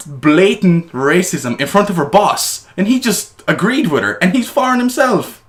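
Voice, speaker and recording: A man co-hosting a casual podcast, telling a story in a fast, rambling way with restarts and indignant bursts. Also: sits high, sing-song. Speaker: podcast co-host.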